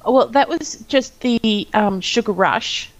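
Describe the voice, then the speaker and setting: A woman's voice: fairly high pitch, unhurried, muffled recording. Bubbly giggly woman gaming with friends. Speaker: co-player. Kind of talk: casual gaming chat.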